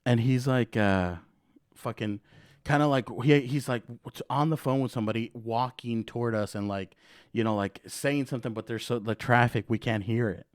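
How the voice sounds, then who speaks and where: A young man hosts a podcast, telling a story in a loose, profane style peppered with "dude" and "bro." His medium-pitched voice is clear and resonant at a moderate pace, recorded in studio quality with no echo.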